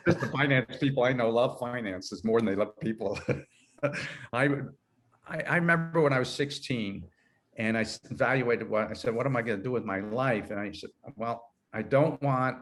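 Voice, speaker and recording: A man's voice: medium pitch, moderate pace, fairly bright tone. A man in his sixties, an HR consultant, talking through his career in a rambling, self-correcting way and laughing easily. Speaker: guest, HR consultant. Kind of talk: conversational interview.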